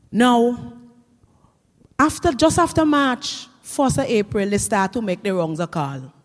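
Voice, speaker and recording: A woman telling comic stories in a lively creole style and acting out the scenes. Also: fairly high pitch, unhurried. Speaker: storyteller. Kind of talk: comic storytelling. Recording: reverberant hall.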